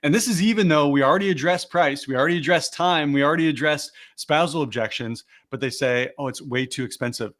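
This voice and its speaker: This man's voice sits a little high and sounds a bit bright, and he talks fast with few pauses. He's running a live sales class over video, walking through each step before acting out the phrasing he teaches.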